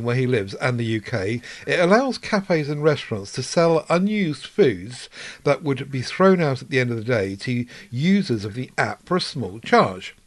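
A man from North Wales co-hosting a podcast, chatting easily with frequent restarts as he reads listener messages. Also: medium pitch. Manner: easygoing, halting restarts. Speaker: podcast co-host. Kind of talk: casual chat reading listener mail.

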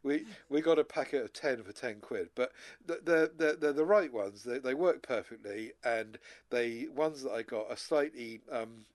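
A man's voice: mid-range voice, normal speed, hardly any pauses. A man co-hosting a casual chat show, rambling and restarting his sentences often. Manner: rambling, many restarts and repeated words. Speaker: podcast co-host.

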